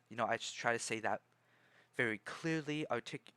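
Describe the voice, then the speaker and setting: A young man with a bright, forceful voice talks on a livestream in a loose, rambling way, restarting his sentences often. He keeps a calm, measured tone. The sound is dry and close, with no room around it. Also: medium pitch, clear, resonant tone, no echo. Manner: rambling, hesitant, many restarts and fillers. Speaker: streamer. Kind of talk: casual livestream chat.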